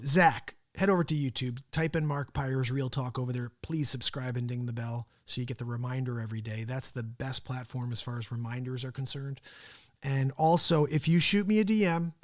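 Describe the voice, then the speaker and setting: A man's voice: mid-range voice, fairly even intonation, moderate pace. A man hosting his daily live talk show, chatting in a rambling, casual way and chuckling often. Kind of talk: casual live-stream chat.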